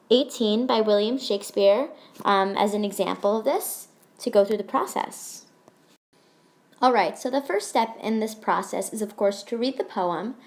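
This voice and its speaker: A young woman teaching a lesson over a screen recording, explaining in an upbeat, chatty way with little asides. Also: medium pitch.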